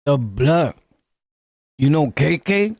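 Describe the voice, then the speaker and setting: Gravelly slow-talking New York man. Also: fairly high pitch, big pitch swings, darkish tone, no echo, clean studio sound. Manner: joking, laughs often, streetwise slang. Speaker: podcast host reacting to a video. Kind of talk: casual reaction commentary.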